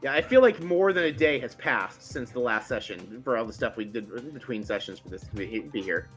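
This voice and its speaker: A tabletop game player in casual chat who talks in an animated, teasing way and often restarts sentences. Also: medium pitch, a little fast, faint music behind.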